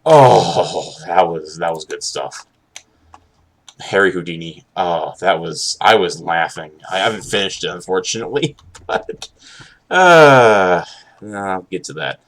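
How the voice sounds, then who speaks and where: A young man chatting casually while live streaming, rambling and halting with many restarts and an occasional sarcastic aside. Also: sits low, lively intonation, a bit bright. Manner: candid, sarcastic at times.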